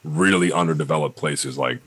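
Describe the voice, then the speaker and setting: A man's voice: a bass voice, steady tone, brisk, fairly bright tone. A young American man chatting casually on a podcast, blunt and profane, full of fillers. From United States. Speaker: podcast guest.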